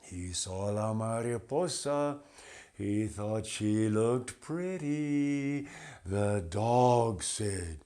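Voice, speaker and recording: A man telling a folktale for an audience, animated and deliberate, slipping in Spanish phrases. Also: fairly low pitch. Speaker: storyteller. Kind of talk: bilingual folktale storytelling.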